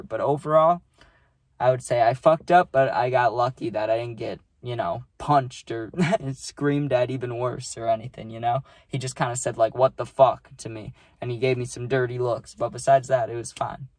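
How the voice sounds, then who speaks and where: A young man tells a story to his viewers in a loose, rambling way, full of "like" and "you know," with casual swearing. His voice sits at an ordinary middle pitch. The sound is dry and close, with no room echo. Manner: rambling, filler-heavy, sweary. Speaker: vlogger.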